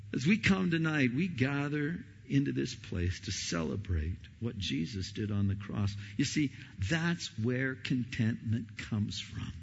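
A middle-aged man preaches a sermon with a gravelly, husky edge to his voice. He climbs to loud emphatic peaks and then drops into hushed whispers. The recording sounds a little dull and lo-fi. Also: fairly low pitch. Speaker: pastor.

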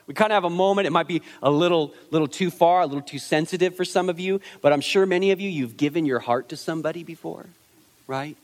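A man's voice: sits high, fast talker, big-room sound. A man preaching a conversational sermon, acting out quotes in changing voices, with frequent restarts and repeated words. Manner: conversational, animated, acts out quotes with many restarts. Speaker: pastor.

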